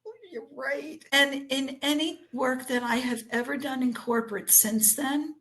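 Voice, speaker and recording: A woman's voice: high voice, steady tone, moderate pace, a bit bright. An older woman, a spiritual teacher, speaking as a guest in a casual interview, earnest and encouraging as she tells stories.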